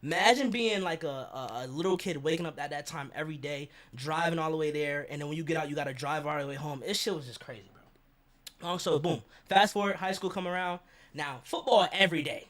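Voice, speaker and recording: A young man telling a personal story as a vlogger, animated, slangy and profane, acting out the people he quotes. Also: on the high side, fairly quick.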